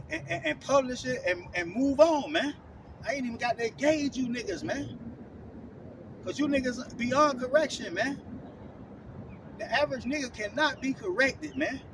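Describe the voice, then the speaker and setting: A man with a very high voice preaches in a blunt, scolding way, ending almost every phrase with "man" or "all right?". He stands back from the mic outdoors, and clear traffic noise carries under his voice. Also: recorded from a distance. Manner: scolding, blunt, profane street talk. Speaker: street preacher teaching scripture. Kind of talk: confrontational online sermon.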